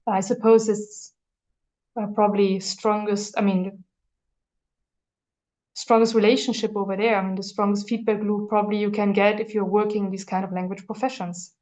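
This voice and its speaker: Woman host, mid-pitched voice, conversational, tentative questions. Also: flat delivery, moderate pace, a little mellow. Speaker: interviewer host. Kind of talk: conversational interview.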